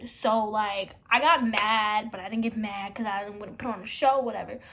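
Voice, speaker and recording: A woman's voice: medium pitch, steady tone, normal speed, noisy background. A young woman vlogger telling a casual story. She acts out both sides of old conversations, with dramatic gasps and whispered asides.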